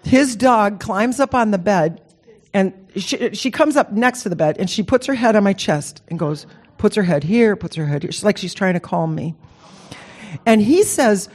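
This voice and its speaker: A woman telling a personal story in a casual, animated and emotional way, with rambling restarts. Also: medium pitch, normal speed. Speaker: speaker sharing a personal story.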